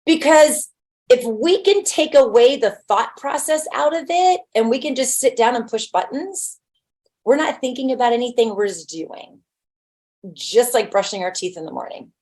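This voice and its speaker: Blunt, conversational woman with a higher voice. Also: a little mellow. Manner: conversational, blunt, with homely examples. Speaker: real estate agent. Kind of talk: casual webinar talk.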